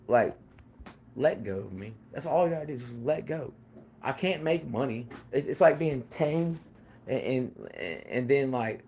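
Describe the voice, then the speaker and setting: Rambling man, dark voice. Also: medium pitch, animated, measured pace, a little hiss or hum. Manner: rambling, repetitive, many fillers and restarts. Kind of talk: rambling casual monologue.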